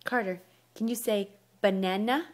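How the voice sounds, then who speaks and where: Young mom, coaxing baby talk, lively sing-song pitch, unhurried. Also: female voice, husky. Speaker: mother. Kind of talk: talking to a baby.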